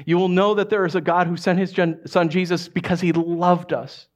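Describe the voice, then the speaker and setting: Male pastor, sermon delivery, animated and playful, a touch higher than average pitch. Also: moderate pace. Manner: animated, acts out voices of dogs, cats and listeners.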